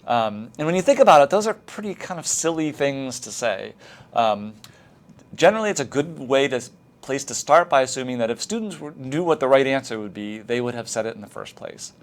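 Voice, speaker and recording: A middle-aged man giving a recorded training lecture for teachers, talking in a relaxed, explanatory way with frequent fillers. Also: mid-range voice, brisk.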